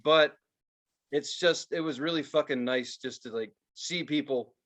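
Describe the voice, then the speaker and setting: A man's voice: a little high, unhurried. A young adult man co-hosting a podcast, telling stories in casual chat with lots of cursing and acted-out quotes. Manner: profane, animated storytelling with voiced quotes. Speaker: podcast co-host.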